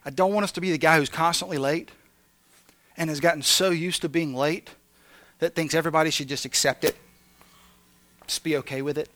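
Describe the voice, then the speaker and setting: A man's voice: fairly high pitch, steady tone, fairly quick, pauses often, fairly bright tone. A man preaching a conversational sermon with jokey asides, talking candidly and animatedly to his congregation. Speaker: pastor.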